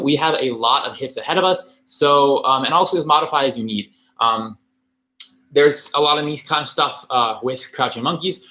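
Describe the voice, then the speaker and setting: Casual man cueing a yoga class. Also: on the high side. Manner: relaxed, casual cueing with fillers and jokes. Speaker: yoga teacher. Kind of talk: livestreamed yoga class instruction. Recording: echoey room with faint ambient noise.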